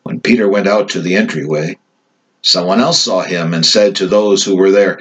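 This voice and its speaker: A man giving a scripted Bible reading, measured and solemn. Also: deep voice, fairly bright tone, breathy edge, rough recording. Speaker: scripture reader.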